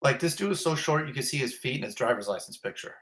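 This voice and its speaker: Man, middle-aged, fire captain guest, casual storytelling, animated, self-mocking, bright voice. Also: medium pitch, fast.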